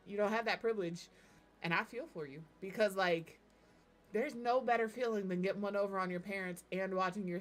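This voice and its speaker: A woman streaming as she builds in a game, talking in a relaxed, chatty way and giggling through her stories. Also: mid-range voice. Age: adult parent. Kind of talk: casual chat while building in a game.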